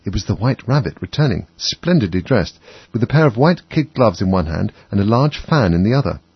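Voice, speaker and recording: A man reads a children's story aloud in a low, gravelly, husky voice. His narration is expressive and moves widely in pitch. The recording sounds dull and dry. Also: a little fast, dry recording. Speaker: audiobook narrator.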